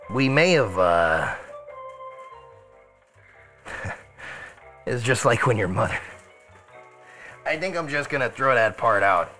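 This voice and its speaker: A man's voice: mid-range voice, bright, forceful tone, low-quality recording. A man streaming live as a mild, rambling Italian TV detective while he cooks chili, muttering asides to himself over faint music. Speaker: streamer cooking chili in character. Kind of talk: live cooking stream, in character.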